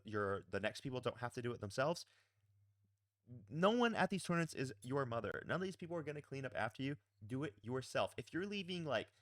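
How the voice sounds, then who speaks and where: A man's voice: mid-range voice, fairly bright tone, no room sound. A man who plays and coaches a tabletop wargame, giving blunt, emphatic advice in a casual, mildly profane way. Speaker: pro player and coach.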